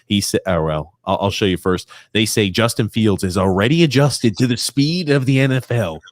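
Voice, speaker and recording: A man's voice: fairly low pitch, moderate pace, no room sound, studio quality. A man hosting a sports podcast who reads out listener comments in chatty, casual talk. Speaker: podcast host.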